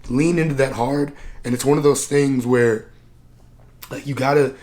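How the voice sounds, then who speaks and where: A man who works as a coach, talking candidly to camera in a vlog, earnest and reflective, and tired and low on energy. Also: fairly even intonation, normal speed, darkish tone. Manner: earnest, reflective, plain-spoken with many "like" fillers. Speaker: personal development coach and vlogger.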